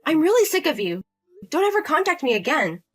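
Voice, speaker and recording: A woman's voice: high-pitched, very animated, a little fast, faint music behind. A woman voicing a fed-up young wife who answers bluntly and sharply. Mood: disgusted. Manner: sharp, blunt, repeating herself. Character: fed-up young wife standing her ground.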